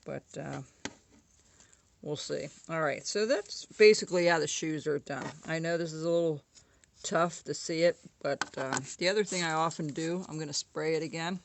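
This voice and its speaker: A woman's voice: low-pitched, moderate pace, gravelly, slight background noise. A woman casually talking through a woodcarving tutorial at home, chatty and often correcting herself. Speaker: woodcarving instructor.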